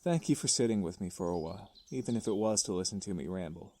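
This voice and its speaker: An actor playing a gentle, thoughtful young man who tends a garden and muses softly in an unhurried way. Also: deep voice, animated, no echo. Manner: soft-spoken, unhurried, musing. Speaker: visual novel character.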